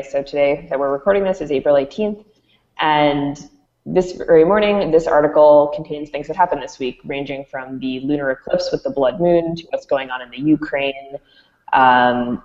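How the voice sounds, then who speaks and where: A woman's voice: low-pitched, a little mellow. A woman presenting and explaining an educational product in an interview, with frequent ums. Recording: dull, echoey room audio.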